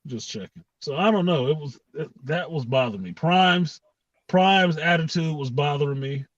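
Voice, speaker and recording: A man's voice: on the high side, normal speed, no room sound. A man hosting a casual reaction chat, ranting in a profane, laughing way, recorded on a dull, lo-fi setup from far off the mic. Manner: animated, profane, laughing rant. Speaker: host.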